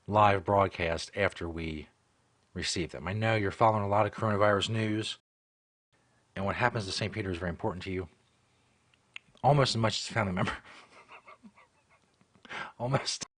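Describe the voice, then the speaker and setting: A man hosting a live comedy stream, joking his way through updates in a deadpan manner. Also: lowish voice, normal speed, pauses often, no echo, clean studio sound. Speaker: show host.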